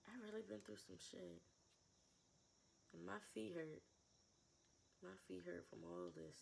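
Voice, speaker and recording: Twenties woman, low gravelly voice, raw heartfelt confessional vlog with repeated phrases. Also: measured pace, slight background noise. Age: 20s. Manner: raw, emotional, repeats phrases, sighs between thoughts. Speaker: vlogger.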